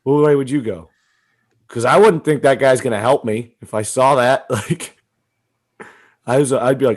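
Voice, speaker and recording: Crude, gravel-voiced man riffing on a podcast. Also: normal speed, long pauses. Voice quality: deep gravelly voice. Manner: crude, swearing, riffing with laughs. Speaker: podcast co-host. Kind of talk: casual comedy podcast chat.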